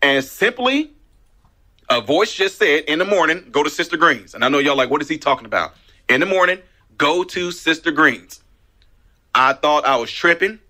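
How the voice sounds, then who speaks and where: A man talking on the radio, a minister by calling, telling his story with lively emphasis and plenty of repeats. His voice sits a little high for a man and sounds bright and forceful. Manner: animated storytelling, emphatic repetitions. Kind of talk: casual radio talk. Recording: radio broadcast.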